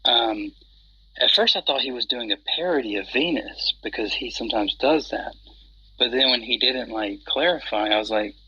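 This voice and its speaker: A man's voice: medium pitch, normal speed, pushed and bright, breathy edge. A man chatting casually on an audio call, rambling with many fillers and restarts. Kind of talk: casual chat. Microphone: phone on an audio chat app. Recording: dull lo-fi app audio.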